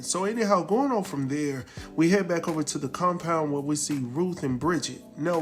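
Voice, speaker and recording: A man hosts a casual recap of a TV drama. He tells the story animatedly and acts out the characters' lines in a voice that sits a little on the high side. Faint music plays softly underneath. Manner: animated storytelling, acts out quotes, laughs often. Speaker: recap host.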